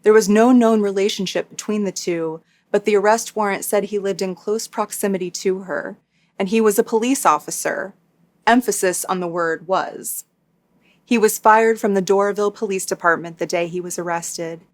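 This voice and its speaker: A woman tells a true crime story from a script in a mid-range voice. She keeps her delivery steady and matter-of-fact, dropping in the odd dry aside. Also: mid-range voice, normal speed. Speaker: true crime YouTuber host.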